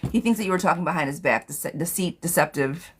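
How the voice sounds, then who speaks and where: A woman's voice: lowish voice, expressive, fast, a little hiss or hum. A woman doing live tarot readings, reading viewer questions aloud and answering them in a blunt, chatty way. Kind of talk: casual live-stream chat.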